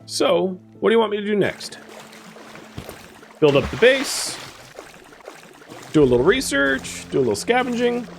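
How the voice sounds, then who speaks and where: Brief: male game streamer, animated pitch, casual running commentary, faint music underneath. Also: unhurried, creaky, long pauses. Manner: chatty, thinks aloud, answers chat.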